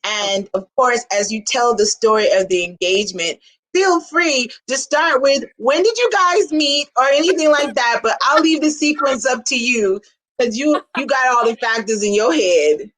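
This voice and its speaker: A woman hosting a casual interview, playful and quick to laugh. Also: a little high, low-quality recording. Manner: lively and playful, laughs often. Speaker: host.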